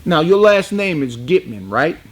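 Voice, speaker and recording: A man's voice: fairly high pitch, big pitch swings, measured pace, husky, exaggerated voice. A man doing a blunt, suspicious male inmate. He speaks plainly, close to the storyteller's own voice, and presses his questions.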